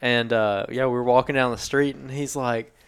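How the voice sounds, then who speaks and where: A man's voice: mid-range voice, steady tone, moderate pace, smooth. Laid-back man chatting on a podcast. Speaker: podcast co-host. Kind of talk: casual hunting podcast chat.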